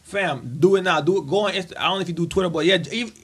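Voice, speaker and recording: Man, high voice, husky, casual podcast chat, keeps asking questions. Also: racing. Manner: curious, asks the group questions. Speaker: podcast co-host.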